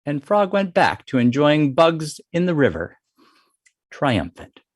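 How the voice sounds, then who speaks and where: Male folktale storyteller, lively pitch swings, dry close sound. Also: slow pace, dry recording. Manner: animated, varied delivery.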